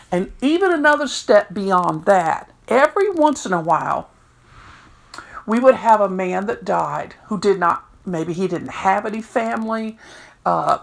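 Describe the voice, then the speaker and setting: A middle-aged woman with a deeply gravelly, creaky voice tells stories as a prison chaplain. She is animated and leaps up in pitch whenever she quotes herself or others. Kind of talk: storytelling talk.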